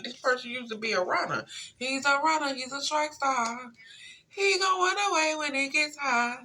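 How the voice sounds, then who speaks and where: A woman giving a casual tarot reading, talking straight to her viewers in a relaxed, slangy way. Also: high-pitched, moderate pace, slight background noise. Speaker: tarot reader.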